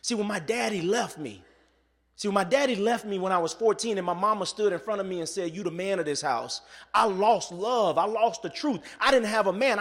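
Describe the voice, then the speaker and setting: A man giving a motivational keynote speech, telling a story and acting out the voices of the people in it, going from soft to loud. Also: mid-range voice, in a large hall. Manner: acts out quoted voices. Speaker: motivational speaker.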